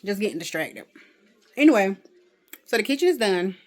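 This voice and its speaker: A woman's voice: mid-range voice, very animated, moderate pace. A woman talking casually to a phone camera at home in a rambling day-in-the-life vlog, with exasperated asides. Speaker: vlogger.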